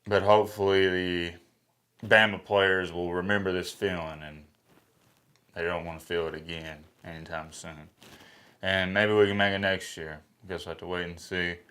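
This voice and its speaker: A man, a sports YouTuber, talking in a dejected, halting way, sighing and close to tears in a reaction vlog. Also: low voice, level tone, sharp tone.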